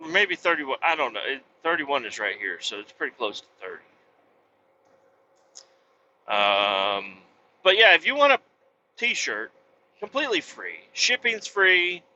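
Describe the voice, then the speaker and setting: Bright-voiced trucker swearing freely while driving. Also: male voice, fairly high pitch, very animated, unhurried, long pauses. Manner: blunt, rambling, swears freely. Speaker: trucker vlogger. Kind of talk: casual chat while driving. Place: truck cab on the highway. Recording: dull lo-fi audio with faint road noise.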